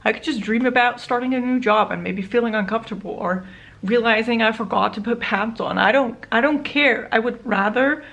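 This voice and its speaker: A young beauty vlogger with a highish, creaky, fairly bright voice talks a little fast in a lo-fi recording. While doing her makeup in a casual get-ready-with-me chat, she tells a personal story in a rambling, candid way, with small laughs.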